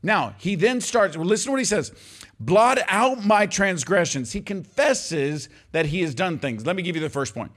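A man's voice: fairly high pitch, expressive, fairly quick, few pauses, fairly bright tone. Emphatic older man preaching. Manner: emphatic, conversational preaching, addressing congregation as y'all. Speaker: pastor. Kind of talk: sermon.

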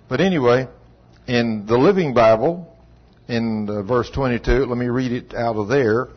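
A man's voice: mid-range voice, normal speed, a little hiss or hum. A man preaching an informal sermon to his congregation, in a folksy, rambling way. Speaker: pastor. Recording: dull lo-fi sermon recording.

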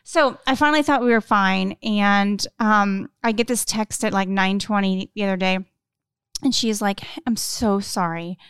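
A woman, co-hosting a podcast and telling an animated story with acted-out quotes. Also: mid-range voice, normal speed, clean tone, no echo. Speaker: podcast co-host. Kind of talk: casual chat.

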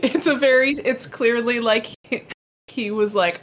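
A woman's voice: on the high side, lively intonation, a little slow, slight background noise. A woman co-hosting a casual podcast, chatty and opinionated, often laughing. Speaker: podcast co-host. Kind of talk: casual chat.

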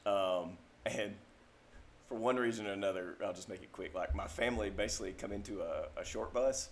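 Southern man in his 30s, podcast co-host, lower voice, meandering storyteller. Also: fairly quick, slight background noise. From Mississippi, US. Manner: rambling storyteller, heavy on filler "like". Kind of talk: casual chat.

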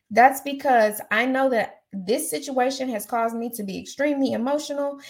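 A woman hosting a casual chat podcast, outspoken and emphatic, repeating phrases to drive a point home. Her voice sits fairly high and has a gravelly, fry-tinged edge. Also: moderate pace, hardly any pauses. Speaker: podcast host. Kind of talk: casual chat giving advice.

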